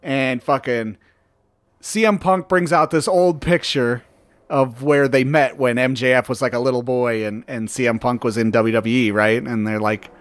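In a casual chat, a man retells a story full of swearing, acting out the quotes in a profane, animated way. His voice sits at medium pitch and moves at a moderate pace, with no room sound.

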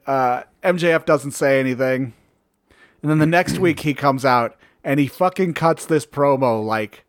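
A man with a slightly high voice chats casually, cursing freely as he tells a long story. He acts out the quotes with lively energy. The sound is dry and close to the mic. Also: no echo. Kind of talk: casual chat.

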